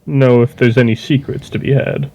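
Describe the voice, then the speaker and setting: A man's voice: medium pitch, steady tone, normal speed, a little mellow, poor audio. A man playing a tabletop game, speaking hesitantly and politely. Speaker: player.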